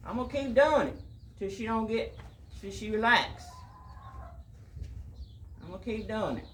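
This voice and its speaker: A man, a horse trainer talking casually through his work in a soft, hushing, calming voice, outdoors. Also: sits high, measured pace, reverberant, noisy background. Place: outdoors at a horse pen with farm birds.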